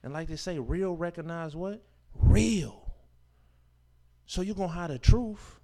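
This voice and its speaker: A man teaching a scripture class as a sermon, reading verses aloud and explaining them with emphatic, informal preaching that swings from loud declarations to quiet asides. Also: on the high side, fairly quick. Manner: informal speech with dropped verb endings and rhetorical questions.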